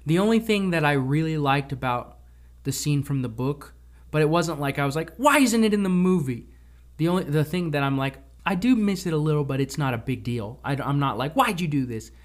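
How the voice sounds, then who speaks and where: A man co-hosting a casual film discussion podcast, chatty and retelling scenes with quick impressions. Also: on the high side, lively intonation. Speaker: podcast co-host.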